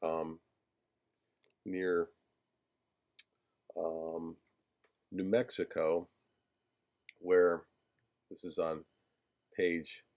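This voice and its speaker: A man teaching a class on a film screenplay, talking haltingly with many fillers and restarts as he searches for page numbers. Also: low-pitched, a little mellow. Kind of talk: lecture discussing a film screenplay.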